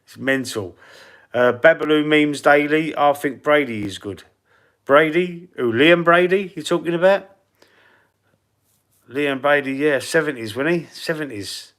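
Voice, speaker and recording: With a fairly high, somewhat bright voice at a measured pace, a Londoner with a London accent chats on a live stream about football. He reads comments, rambles, laughs often and swears now and then.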